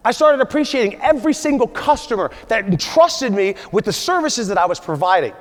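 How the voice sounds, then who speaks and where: A man's voice: sits high, big pitch swings, a little fast. A man in his forties giving an emphatic motivational keynote at a conference, often checking in with the audience with "right?". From USA. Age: 40s. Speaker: conference speaker. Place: large conference hall. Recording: long hall reverb.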